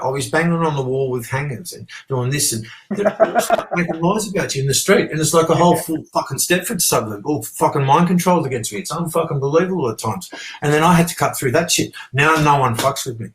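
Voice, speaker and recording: A man's voice: a little high, expressive, a little fast, fairly bright tone, a little hiss or hum, low-quality recording. An Australian man telling a rambling story as an interview guest, swearing freely and talking with animation. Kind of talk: casual storytelling.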